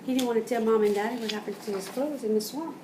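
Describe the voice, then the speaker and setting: Animated woman reading a storybook. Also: a little high, quick pace. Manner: animated, pointing at pictures and explaining words. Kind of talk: reading a picture book aloud to children. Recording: roomy, from a distance, faint background noise.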